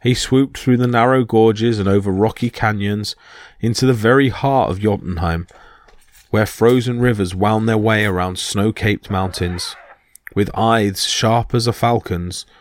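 Male podcast storyteller, low, steady, vivid, dry sound. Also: no echo. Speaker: narrator. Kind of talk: storybook narration of myths.

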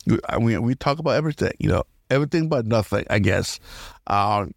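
A man's voice: lowish voice, animated, brisk, vocal fry, no room sound. Rambling man on a dry podcast mic. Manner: rambling, laughs often, restarts a lot. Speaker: podcast host. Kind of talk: casual solo podcast rambling.

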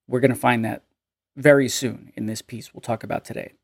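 A man lecturing on music history in a measured, explanatory and precise way. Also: medium pitch, slightly rough, dry recording, clean studio sound. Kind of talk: lecture narration.

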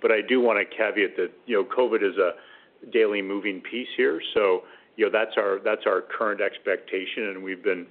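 A man's voice: lowish voice, fairly even intonation, normal speed. A man speaking as a company executive on an earnings call, hesitant and full of fillers. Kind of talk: conference call answer. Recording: tinny phone line.

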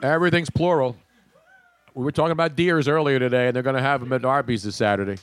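A man's voice: medium pitch, fairly even intonation, fast talker. An older man hosting a casual podcast, teasing his co-hosts and laughing often. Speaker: podcast host. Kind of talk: casual sports podcast banter.

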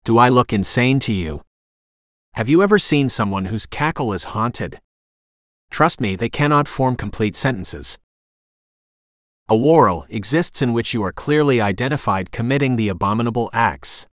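A defiant woman on the run, read by a man in a storybook, commanding and blunt. Her lines lift and drop across a wide pitch span. The sound is dry and close. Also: expressive, moderate pace, no room sound, close to an everyday voice. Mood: urgent, firm.

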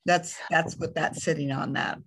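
A woman in her fifties with a raspy voice, joking easily in casual podcast chat. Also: deep voice, fairly even intonation, a bit bright. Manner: slow, easygoing, joking. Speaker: podcast co-host.

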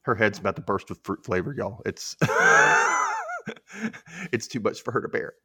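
A man's voice: fairly low pitch, moderate pace, breathy edge, no room sound, studio quality. A man hosting a podcast, casually recapping a TV episode and acting out the characters' lines as he goes. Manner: animated storytelling, acts out quotes, laughs often.

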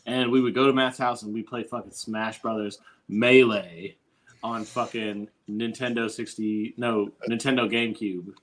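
A man's voice: lowish voice, steady tone, moderate pace, low-quality recording. A man co-hosting a podcast, telling a story in a rambling, easygoing way with lots of swearing. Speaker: podcast co-host. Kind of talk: casual storytelling chat.

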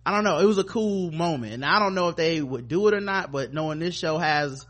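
Male podcast host, slightly high voice, loose and profane, recaps scenes by imitating the characters. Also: brisk, a bit bright. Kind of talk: casual chat recapping a TV episode.

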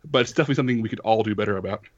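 Man, podcast co-host, measured and reflective, dry close sound, slightly dull lo-fi audio. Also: lowish voice, no echo. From raised in the United States. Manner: measured, thoughtful, with filler words. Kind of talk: casual discussion.

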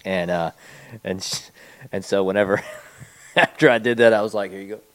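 A man with a very low voice co-hosts a podcast in casual, animated chat. He rambles through his stories with lots of restarts. The sound is dry and close. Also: moderate pace, dry recording. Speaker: podcast co-host.

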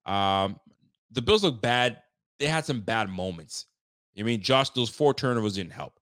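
A man's voice: mid-range voice, lively intonation, measured pace, a bit bright, dry recording, clean studio sound. A man hosting a fan show live after the game, reading viewer chats in a casual, heated, slangy way. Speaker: sports fan show host. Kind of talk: postgame livestream reaction, reading viewer chats.

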